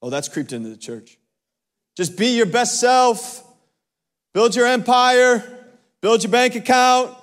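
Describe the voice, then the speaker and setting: In a church sanctuary awash with long hall reverb, a man preaches with a very high-pitched, animated voice, speaking a little slowly and leaving long pauses. He calls out to the congregation for responses and hammers home emphatic repeats.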